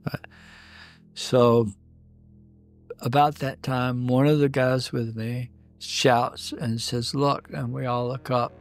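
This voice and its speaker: A man's voice: mid-range voice, little pitch movement, slow pace, long pauses, soft background music. A man recounting an encounter in a documentary interview, storytelling and acting out the dialogue he quotes.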